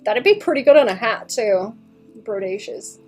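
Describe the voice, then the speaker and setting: A woman's voice: on the high side, expressive, moderate pace, a little mellow, soft background music. A young woman livestreaming her drawing session, chatting casually with viewers, muttering to herself as she works, laughing often and swearing freely. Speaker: artist streaming a drawing session.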